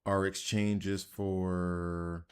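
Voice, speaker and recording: A man's voice: low-pitched, little pitch movement, very slow, smooth. A man with a Southern accent giving casual, rambling commentary while he plays a video game. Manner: rambling, self-deprecating, chatty. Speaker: gaming channel host.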